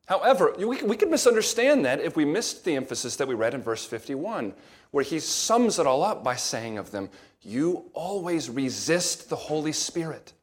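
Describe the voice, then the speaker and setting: Guy preaching a sermon, kinda high voice, slow and emphatic on the big words. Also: big pitch swings. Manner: measured, emphatic, slows down on key words. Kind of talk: expository sermon.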